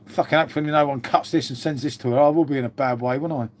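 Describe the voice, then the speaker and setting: A man's voice: on the high side, fairly even intonation, rapid-fire. A man chatting casually on a live stream, swearing freely and calling his viewers mate.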